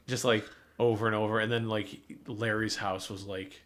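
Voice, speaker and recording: Young man, podcast co-host, low voice, laid-back, filler-heavy, swears casually. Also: little pitch movement, moderate pace, a bit bright. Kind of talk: casual chat.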